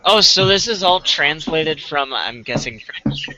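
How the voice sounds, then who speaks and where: A man's voice: fairly high pitch, expressive, a little slow, lo-fi sound, a crowd in the background. A man co-hosting a podcast who talks in a hesitant, questioning way.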